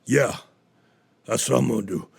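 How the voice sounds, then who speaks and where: A man voicing a crude, swaggering male gorilla in a told joke, talking low and gruff. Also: normal speed. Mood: scheming.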